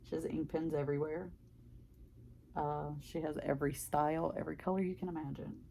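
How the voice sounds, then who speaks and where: An older woman with a deep Southern country accent, chatting in a rambling way while stitching for a craft vlog. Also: fairly even intonation, brisk, creaky, warm tone, a little hiss or hum. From Mississippi, US. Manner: rambling, chatty, filler-heavy. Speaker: craft vlogger. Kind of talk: casual chat while stitching.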